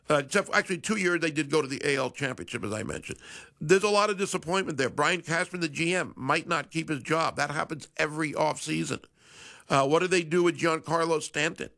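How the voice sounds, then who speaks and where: A middle-aged man talks sports on the radio in a relaxed, wry monologue. His voice sits a little high and carries a gravelly rasp. He often stops to correct himself and then carries on. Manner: chatty, self-correcting, wry. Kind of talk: casual sports talk monologue.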